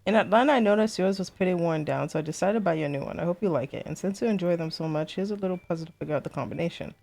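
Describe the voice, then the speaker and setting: A woman streamer playing a story game, reading letters aloud in a steady voice and breaking into chatty, excitable remarks. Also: on the low side, very fast, vocal fry. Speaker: let's play streamer.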